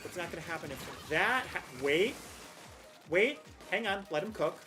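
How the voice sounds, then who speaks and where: A woman's voice: on the low side, moderate pace, over music. Chatty young woman streaming a game. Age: young adult. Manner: chatty, rambling, restarts, excited outbursts. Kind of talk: casual gameplay commentary.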